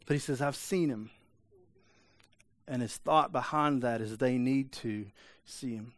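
A man's voice: mid-range voice, a little slow, no echo. A man as pastor preaching a sermon in a conversational, emphatic way, asking rhetorical questions and acting out quoted voices.

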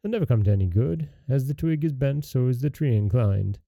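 A man's voice: medium pitch, lively intonation, brisk, creaky, dark tone, dry recording, studio quality. A man reading as a smug mocking elder brother.

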